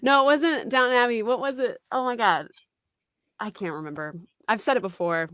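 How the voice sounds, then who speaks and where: A woman in her thirties, a voice actress giving an interview, talking in an animated, chatty way with many fillers. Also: on the high side, normal speed, no echo, clean studio sound. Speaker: voice actress guest. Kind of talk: casual interview chat.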